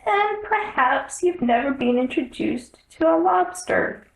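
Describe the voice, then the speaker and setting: A woman voicing a sad, sighing male Mock Turtle in a storybook reading, in a high, wavering, mournful voice. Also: lively intonation, a little slow, echoey room, poor audio.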